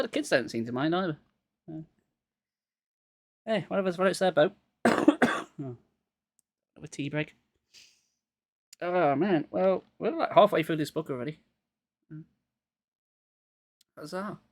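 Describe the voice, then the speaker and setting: A man's voice: on the high side, lively intonation, measured pace, long pauses, dry recording. Man with a cold reading aloud. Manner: wry, joking commentary between passages. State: getting over a cold, coughing. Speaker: reader of a children's horror book. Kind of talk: live book reading with jokey asides.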